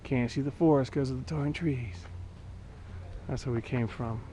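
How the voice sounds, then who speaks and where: A man's voice: mid-range voice, normal speed, mellow, a little hiss or hum, poor audio. A man vlogging a casual walking tour of outdoor ruins on a handheld camera, chatty and joking as he thinks aloud.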